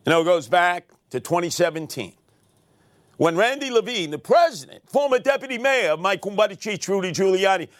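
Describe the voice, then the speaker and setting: A sarcastic older New man rants solo into a close mic, his fairly high voice leaping wildly between low grumbles and loud outbursts. The sound is bone-dry, with no room around it. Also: sing-song, brisk, no echo. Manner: sarcastic, theatrical, swings between muttering and shouting. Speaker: radio commentary host. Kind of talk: opinionated monologue.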